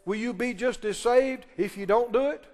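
A pastor preaching a sermon in a church, emphatic and pressing the congregation with questions and call-and-response. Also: male voice, very high-pitched, normal speed, darkish tone. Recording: long reverb of a large hall.

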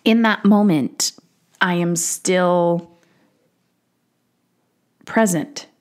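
A woman's voice: fairly low pitch, extremely slow. Candid woman hosting a parenting podcast. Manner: candid, swears casually, acts out quotes. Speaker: podcast host. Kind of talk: solo podcast monologue.

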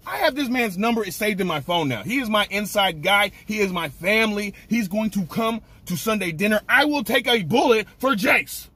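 A young man hosting a casual snack review vlog, ranting in an excitable, animated way. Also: high voice, normal speed, hardly any pauses, husky.

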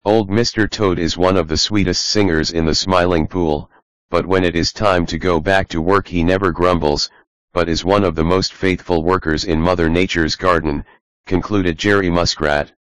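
A man calmly narrating a children's storybook audiobook. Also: low voice, moderate pace, clean tone, dry recording.

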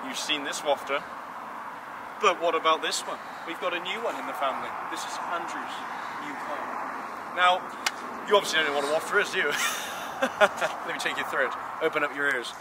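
A car vlogger with a fairly high voice, speaking at normal speed, does a casual, enthusiastic walkaround outdoors beside parked cars. He's playful and emphatic, rising lively on praise, with street noise in the background.

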